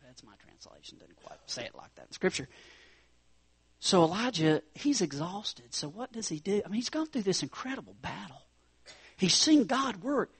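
A man with a somewhat high, husky voice delivers a sermon. He tells the story with lots of drama. His loud, emphatic peaks give way to breathy whispers. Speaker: preacher.

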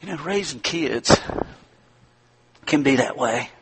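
A man's voice: mid-range voice, animated, slow pace, slight background noise. A male preacher giving a sermon in a folksy, storytelling manner.

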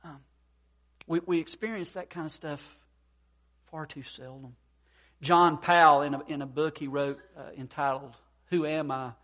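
A man preaching a sermon as pastor, folksy and expressive, with many fillers, swinging from soft to loud and acting out worried voices. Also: on the high side, moderate pace, highs cut off. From mountain region.

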